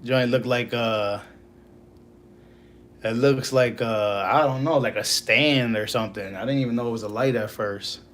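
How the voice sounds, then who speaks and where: A man's voice: mid-range voice, fairly even intonation, moderate pace, a bit bright, slight background noise. Young trucker man, live-stream host, loose rambling delivery full of fillers. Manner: rambling, filler-heavy, "you know" constantly. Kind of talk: casual live-stream chat.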